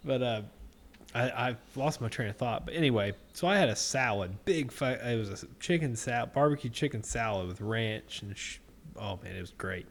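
A man's voice: mid-range voice, lively intonation, normal speed. Rambling, profane man telling stories. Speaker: podcast co-host. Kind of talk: casual crude banter.

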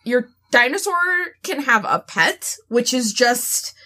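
A woman hosting a podcast in casual chat, giggly and animated. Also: fairly high pitch, slow, slightly rough. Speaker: podcast host.

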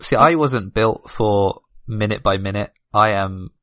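A man's voice: on the low side, measured pace, a bit bright, dry recording. A man who is a podcast guest, chatting casually and rambling, laughing often as he talks.

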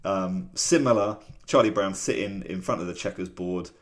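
A man with a low, deep voice, talking in a loose, rambling way full of ums and small laughs. He co-hosts a casual podcast chat. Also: moderate pace. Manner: chatty and rambling, with many fillers and laughs. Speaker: podcast co-host.

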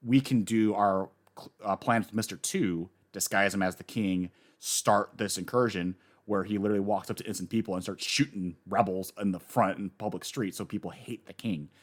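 A man in casual chat, recapping a story with lively enthusiasm and acting out the characters he quotes. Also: lowish voice, moderate pace, few pauses. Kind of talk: casual manga discussion.

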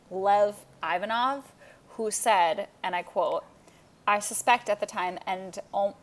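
A young woman co-hosting a podcast, chatting casually in a playful, animated way and pushing wild theories. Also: medium pitch. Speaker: podcast co-host. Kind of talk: casual chat.

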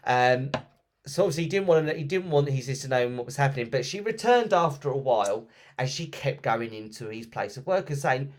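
A man hosting a podcast, retelling ghost stories in a chatty, lively way with plenty of ums and restarts. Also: medium pitch, a little fast. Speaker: podcast host. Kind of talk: casual storytelling podcast.

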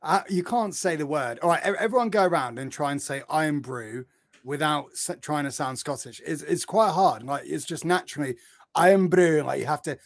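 Gravelly, jokey man co-hosting a podcast. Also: on the high side, a little fast, no echo. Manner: jokey, rambling with restarts. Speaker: podcast co-host. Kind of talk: casual podcast chat.

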